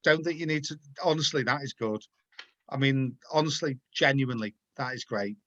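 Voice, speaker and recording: A man's voice: mid-range voice, normal speed, fairly bright tone, lo-fi sound. A man hosting a casual video-call chat show, chatty and encouraging, often repeating his words. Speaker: host.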